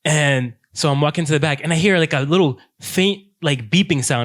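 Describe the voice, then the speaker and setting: Young guy, podcast co-host, slightly high voice, animated casual storyteller. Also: fairly quick, few pauses. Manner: animated, says "dude" constantly, quotes himself and others. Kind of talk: casual storytelling among friends.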